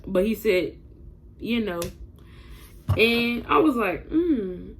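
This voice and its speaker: A woman's voice: fairly high pitch, slow, slight background noise. A young woman telling a personal story to her viewers in a casual vlog, blunt and profane, talking straight to camera.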